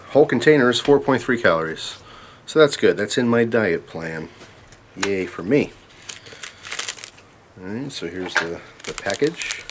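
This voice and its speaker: Low-voiced guy vlogging a bug tasting. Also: a little hiss or hum. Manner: chatty, wry, talks to his dog between bites. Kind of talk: casual vlog, tasting food on camera. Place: indoors at home, camera on tripod.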